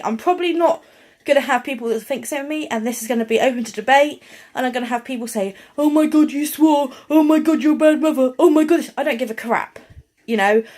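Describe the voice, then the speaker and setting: High-voiced woman ranting bluntly. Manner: blunt, heated, sweary. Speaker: vlogger. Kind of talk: ranting to camera.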